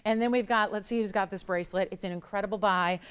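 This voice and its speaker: A woman hosting a live TV jewelry shopping show, giving an enthusiastic, emphatic sales pitch. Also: fairly even intonation, quick pace, a little hiss or hum. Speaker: shopping channel host.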